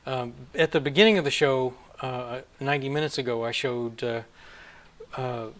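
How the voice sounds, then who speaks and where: A man hosting a live stream, talking casually with many halting fillers. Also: mid-range voice, fairly bright tone. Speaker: livestream host.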